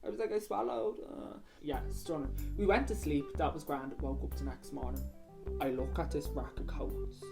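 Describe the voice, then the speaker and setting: A young woman from North Dublin, Ireland, speaks at a moderate pace in a bass voice with a Dublin accent. On her YouTube vlog she casually tells crude, slangy stories and reads out viewer stories while music plays in the background.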